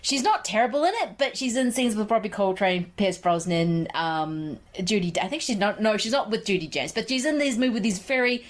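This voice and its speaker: A woman's voice: mid-range voice, animated, fairly quick, few pauses. A woman in her forties hosting a podcast, chatting casually and enthusiastically about films with frequent laughs. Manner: enthusiastic, opinionated, laughs often. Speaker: podcast host. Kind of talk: casual film chat.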